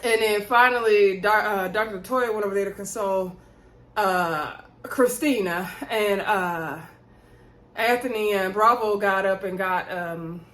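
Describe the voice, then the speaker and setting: A woman's voice: mid-range voice, a little slow, fairly bright tone. A woman hosting a casual reality TV recap in a chatty, gossipy retelling style. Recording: roomy echo.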